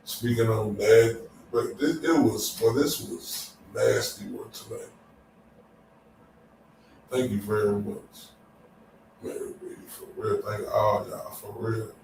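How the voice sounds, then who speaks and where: A man's voice: fairly low pitch, slow, gravelly, long pauses, a little mellow, a little hiss or hum. A man hosting a casual after-show chat, loose and exclamatory, laughing often. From Dallas, Texas. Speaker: show host. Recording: very echoey room, distant mic.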